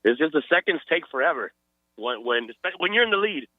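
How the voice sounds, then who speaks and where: Guy calling into radio, kinda halting, lots of ums, tinny phone sound. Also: on the high side, big pitch swings, no echo. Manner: hesitant, many fillers. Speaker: caller. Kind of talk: casual phone-in chat.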